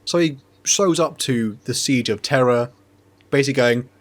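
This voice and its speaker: Brief: male podcast host, mid-pitched, comedic recap, breaks into laughter and quick character bits. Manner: jokey, laughing, acting out characters in quick paraphrase.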